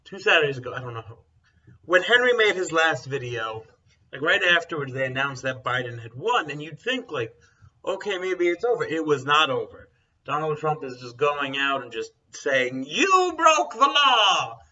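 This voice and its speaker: A man's voice: medium pitch, animated, moderate pace, bright, forceful tone. A young man chatting casually as a co-host. He talks bluntly and rambles, full of fillers. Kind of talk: casual chat. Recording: dull, distant mic sound.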